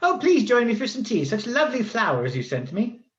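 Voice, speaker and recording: A man's voice: very high voice, huge pitch swings, a little fast, voice pushed up, heavily acted. A man voicing a genteel widowed lady, gracious and polite, in a lo-fi recording.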